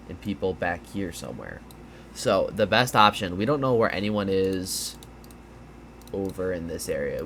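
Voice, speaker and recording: A man's voice: sits low, a bit bright, slight background noise. A man casually explaining gaming strategy over a map, rambling a bit with fillers and restarts, sounding tired. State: tired, yawning. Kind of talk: casual gameplay breakdown.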